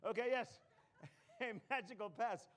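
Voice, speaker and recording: A man's voice: very high-pitched, a little slow, a bit bright. A man performing a comedy magic act on a live stage, full of puns and self-mocking jokes. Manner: punning, self-mocking, jokey.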